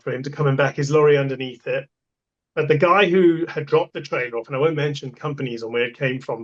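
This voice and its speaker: A man, a podcast guest telling an animated story and acting out the voices of the people in it. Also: fairly high pitch, lo-fi sound. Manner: animated anecdote, acts out quoted voices. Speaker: guest, festival toilet contractor. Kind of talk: casual storytelling.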